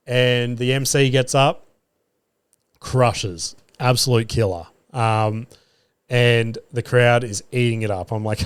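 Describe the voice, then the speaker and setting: A man's voice: mid-range voice, measured pace, clear, resonant tone, dry recording. An Australian man hosting a podcast, telling stories in a casual monologue, swearing freely and acting out what he said. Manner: swears freely, acts out his own quoted lines. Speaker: podcast host and stand-up comedian.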